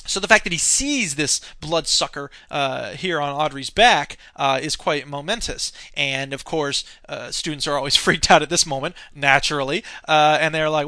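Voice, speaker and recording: A man teaching a film class, talking off the cuff and often pausing with fillers as he searches his notes. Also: on the high side, bright, forceful tone, no room sound. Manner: hesitant, many fillers, searching through notes. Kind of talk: unscripted film commentary lecture.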